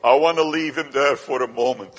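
A man preaching a sermon to his congregation, slow and emphatic, swelling to loud rises and dropping to hushed passages. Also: medium pitch, husky, big-room sound, muffled recording. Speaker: pastor. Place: church.

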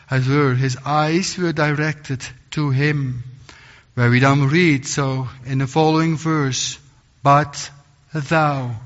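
A man preaching a sermon in earnest, halting English, often restarting and repeating words. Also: fairly high pitch, fairly bright tone. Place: church. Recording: long church reverb, dull lo-fi sound.

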